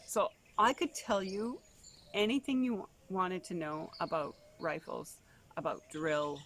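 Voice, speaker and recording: A woman's voice: a bit bright, a little hiss or hum. A woman, a homeschooling mother, telling stories in a rambling casual way with lots of asides. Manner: chatty, rambling, full of "you know" asides; acts out quoted voices with big pitch jumps. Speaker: homeschooling mother and travel vlogger. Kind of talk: casual storytelling monologue.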